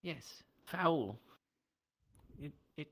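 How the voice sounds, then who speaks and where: A roleplay player, talking in a soft, hesitant way with many fillers. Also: medium pitch, expressive, extremely slow. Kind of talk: casual roleplay chat.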